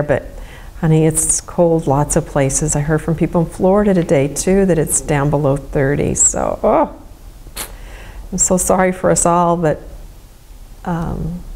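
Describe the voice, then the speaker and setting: A middle-aged woman guiding a gentle movement lesson in a soft, soothing, unhurried way. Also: low voice. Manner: soft, slow, soothing instruction. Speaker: movement educator.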